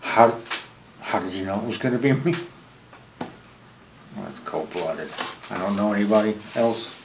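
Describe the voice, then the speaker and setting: A man's voice: on the low side, a little slow, noisy background. A man vlogging one side of a phone call. He jokes around, rambles and restarts his words, and pokes fun at himself. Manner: joking, rambling, self-deprecating, repeats words. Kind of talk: one-sided phone chat to camera. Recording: roomy with faint ambience.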